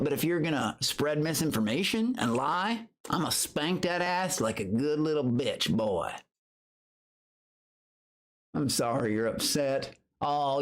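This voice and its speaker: Cussing guy on a live stream, rambling to chat, voice shoots up high when he says hi to people. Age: adult. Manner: profane, rambling, talks to chat, jumps to a high excited voice when greeting viewers. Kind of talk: casual livestream chat.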